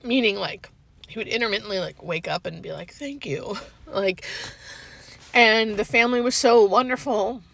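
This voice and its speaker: A woman hospice nurse talking to her phone from her parked car, tearful and fighting back crying, with halting speech full of "like". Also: medium pitch, creaky, fairly bright tone. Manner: halting, heavy use of filler "like". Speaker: hospice home care nurse. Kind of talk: emotional vlog monologue.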